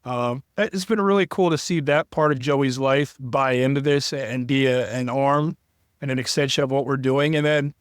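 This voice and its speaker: Moderately paced and smooth, this mid-range male voice holds a steady tone with no room sound. He's a Cincinnati sports broadcaster speaking as an interview guest, candid and heartfelt, talking at length and nearly in tears.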